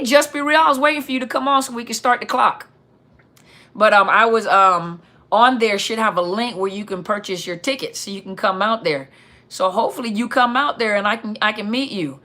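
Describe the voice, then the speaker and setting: A woman hosting a live Q&A stream, chatting casually and reading out viewer comments in an upbeat, chatty way. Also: pushed and bright. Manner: upbeat, chatty, reads out viewer comments with quick pitch jumps.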